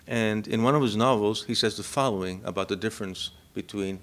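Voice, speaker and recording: A man's voice: fairly low pitch, steady tone, normal speed, few pauses. A man from Cuba whose first language is Spanish, giving a reflective academic lecture and often checking in with his listeners. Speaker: university lecturer.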